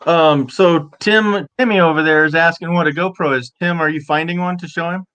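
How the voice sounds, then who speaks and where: A man's voice: a little high, steady tone, a little fast, sharp tone, clear, resonant tone. A man co-hosting a casual chat, chatty and upbeat, steering the talk. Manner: chatty, upbeat, talks over others.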